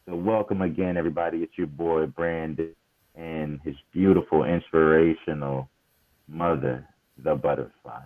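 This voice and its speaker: A man's voice: extremely low pitch, steady tone, normal speed, no echo, narrow, tinny audio. A man co-hosting a casual podcast, upbeat and speaking straight to his listeners. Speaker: podcast co-host.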